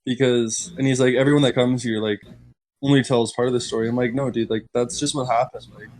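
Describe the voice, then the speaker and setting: A man's voice: medium pitch, fairly even intonation, fairly quick, darkish tone, slight background noise, rough recording. A young man telling a story in casual podcast chat, rambling with lots of "like" and laughing as he goes. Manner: rambling, heavy use of "like", laughs while telling.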